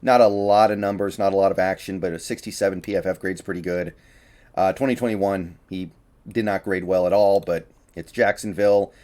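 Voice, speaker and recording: A man's voice: deep voice, steady tone, brisk, dark tone. Slightly breathless man breaking down football. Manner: chatty, opinionated, with frequent fillers and restarts. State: a little out of breath. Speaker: sports commentator. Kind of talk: casual solo sports analysis.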